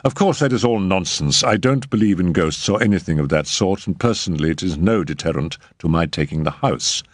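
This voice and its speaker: A man voicing a cool, practical, brusque middle-aged woman, speaking dryly and slowly. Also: sits low, lively intonation, dry recording. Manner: dry, slow, measured. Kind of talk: audiobook character reading.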